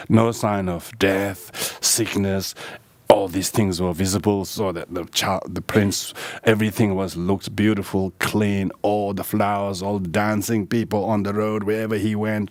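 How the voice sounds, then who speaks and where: An older lama telling a story in a low voice, laughing often and stopping to restart his sentences. The sound is dry and close, with no room echo. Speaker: lama, meditation teacher. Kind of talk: dharma talk, storytelling.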